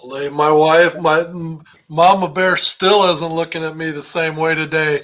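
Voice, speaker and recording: A man's voice: a little high, steady tone, moderate pace, fairly bright tone, rough recording. An older man co-hosting a sports talk show, ranting heatedly about a game. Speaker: podcast co-host.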